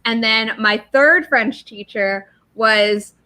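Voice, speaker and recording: A woman's voice: fairly high pitch, takes it slowly, sharp tone, poor audio. A woman hosting a livestream, chatting casually and rambling from one story to the next. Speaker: livestream host. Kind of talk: casual chat.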